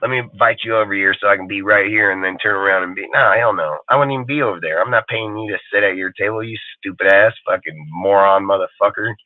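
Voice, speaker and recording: A fast-talking man with a fairly low voice barely pauses as he hosts a live stream, ranting angrily, swearing nonstop and imitating others mockingly. It sounds tinny and phone-like, dry with no room sound.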